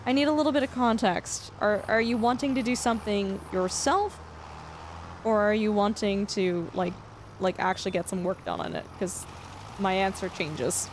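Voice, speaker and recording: A woman game streamer with a somewhat high voice chats casually with her viewers. Her talk is loose and rambling, full of fillers as she works through answers. Faint noise sits under the voice. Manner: chatty, loose, lots of fillers while answering chat. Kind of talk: casual live-stream chat while gaming.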